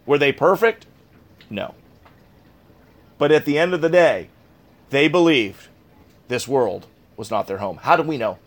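Earnest man preaching in a higher voice. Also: lively intonation, measured pace, pauses often. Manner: earnest, conversational preaching with repeated phrases. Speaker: pastor. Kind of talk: sermon.

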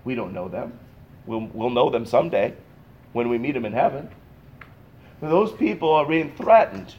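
A male pastor preaching a sermon to a church congregation, swinging between loud, emphatic bursts and quiet, intense passages. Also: mid-range voice, lively intonation, moderate pace, muffled recording, slight background noise. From Pacific Northwest. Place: church sanctuary.

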